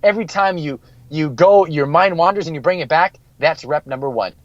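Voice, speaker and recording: A man's voice: a little high, a little fast, no echo, dull audio. A man working as a mental skills coach, giving an earnest podcast interview and repeating key phrases for emphasis.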